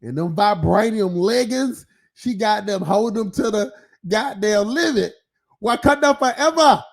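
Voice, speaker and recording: Stream host, male, high-pitched, loose profane ranting monologue, laughs a lot, heavy filler. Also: a little slow, vocal fry, darkish tone.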